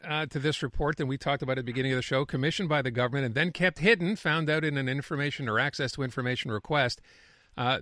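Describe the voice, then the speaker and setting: Male radio host, measured delivery, steering the segment, dry studio mic. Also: medium pitch, a bit bright, dry recording. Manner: measured, steers topics with fillers. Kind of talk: radio talk show hosting.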